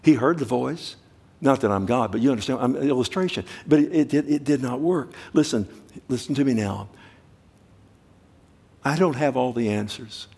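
Man, preacher, husky voice, animated delivery, loud bursts and low asides. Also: moderate pace. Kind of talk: sermon.

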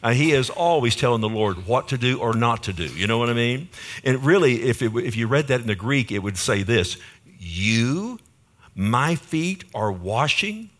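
Male pastor, mid-pitched, preaching conversationally and asking the congregation questions. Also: lively intonation, brisk, fairly bright tone. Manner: conversational preaching with frequent rhetorical questions to the listeners. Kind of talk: sermon.

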